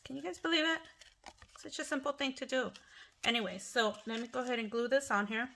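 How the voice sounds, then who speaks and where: A woman's voice: a little high, brisk, gravelly, fairly bright tone, a little hiss or hum. A middle-aged woman hosting a casual craft tutorial at home, chatty and apologetic, often restarting her sentences. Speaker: craft channel host.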